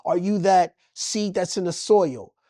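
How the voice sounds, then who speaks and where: A man's voice: high voice, measured pace, mellow, dry recording, clean studio sound. A man from Los Angeles, a guest in an interview, talking about his life with passion, in preacher-like bursts and repeated phrases. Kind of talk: emotional personal interview.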